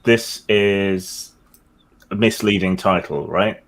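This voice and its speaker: A man's voice: lowish voice, steady tone, slow, fairly bright tone. A man speaking as a guest in a casual chat, blunt and dismissive, laughing often.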